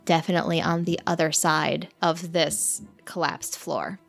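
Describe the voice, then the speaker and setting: A woman game master narrating a tabletop game in a measured, descriptive way. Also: sits low, steady tone, creaky, soft background music. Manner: measured, descriptive scene-setting.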